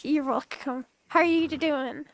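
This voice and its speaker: A woman's voice: sits high, fairly even intonation, a little slow, slight background noise. A woman playing a young orphan street thief in a western game roleplay, chatty and stammering with many restarts. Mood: eager. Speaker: roleplay streamer.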